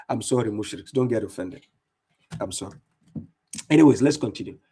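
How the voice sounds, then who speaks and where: A man's voice: on the low side, expressive, moderate pace, dark tone, breathy edge. A man giving fierce, mocking religious commentary as an Islamic debater and streamer, speaking with heavy emphasis.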